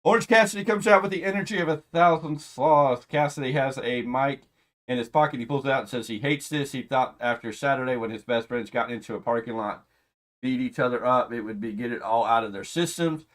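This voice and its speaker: Guy ranting about a wrestling show at his desk, fed up and sarcastic, mid voice, gets loud then mumbles. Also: a little fast. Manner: exasperated ranting, swings from loud outbursts to low muttering; sarcastic asides. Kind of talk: casual wrestling review commentary.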